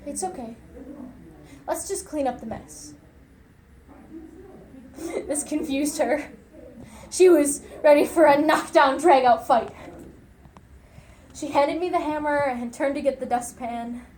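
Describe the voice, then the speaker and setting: A young woman performing a dramatic monologue as an unhinged young loner raised by television, lurching between hushed murmurs and shrill outbursts. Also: reverberant, slight background noise. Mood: frenzied. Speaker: speech competitor.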